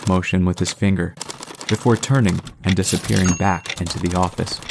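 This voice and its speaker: A man narrating an audiobook in a steady, even storytelling manner. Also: deep voice, brisk, creaky, noisy background.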